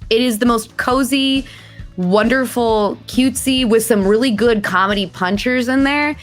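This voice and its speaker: A young adult woman, a voice actress, chatting in an interview and acting out quoted lines with big jumps in pitch. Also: normal speed, faint music behind. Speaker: voice actress guest. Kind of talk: casual interview chat. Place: remote video call.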